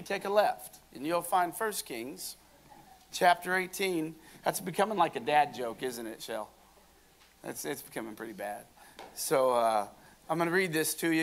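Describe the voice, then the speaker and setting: A man's voice: sits high, fairly bright tone. A man preaching a sermon, reading scripture aloud with jokes and asides to the congregation.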